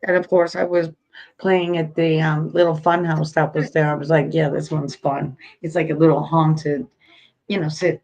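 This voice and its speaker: A woman's voice: sits low, flat delivery, moderate pace, darkish tone, low-quality recording. A woman in casual stream chat, telling stories, cutting in and swearing. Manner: chatty, interrupts, swears.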